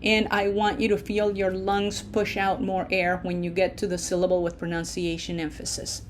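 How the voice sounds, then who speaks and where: A woman teaching a language lesson over slides, patient and deliberate, checking in often and stretching out her vowels when she models words. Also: mid-range voice, monotone, a little hiss or hum. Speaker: Spanish teacher.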